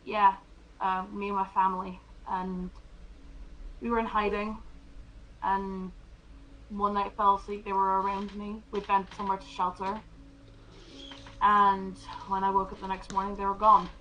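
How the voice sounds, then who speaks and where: A woman playing a tabletop role-playing game, speaking in character with hesitant pauses and fillers. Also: medium pitch, completely flat delivery, bright, forceful tone, lo-fi sound, a little hiss or hum.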